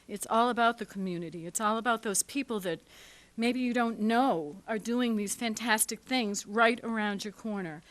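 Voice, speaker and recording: A woman's voice: medium pitch, fairly bright tone, no room sound. A woman who produces a local show, giving a chatty, self-deprecating acceptance speech at a TV studio event. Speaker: award recipient and show producer.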